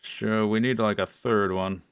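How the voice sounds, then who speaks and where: Man, streamer, low voice, dry close sound, thinks aloud, mutters, casual gaming commentary. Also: steady tone, measured pace, clear, resonant tone, dry recording. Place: home streaming setup.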